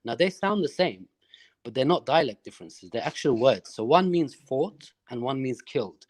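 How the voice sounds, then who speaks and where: Hesitant man explaining slowly. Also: medium pitch, expressive. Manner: hesitant, explaining with many fillers. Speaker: caller debating religion. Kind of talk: live debate on a call.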